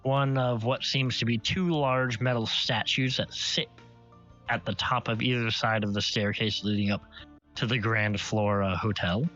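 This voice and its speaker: A man's voice: mid-range voice, steady tone, a little slow, sharp tone. A man narrating a tabletop game as game master, describing scenes in detail and often correcting himself mid-sentence. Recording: slightly muffled stream audio, faint music.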